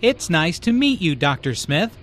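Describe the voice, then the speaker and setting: Friendly everyday man, high and lively, clear polite lines, as a man reads the part for an English lesson. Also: moderate pace. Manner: clear, polite, conversational delivery. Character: friendly adult man in a scripted textbook dialogue. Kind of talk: scripted dialogue for English learners.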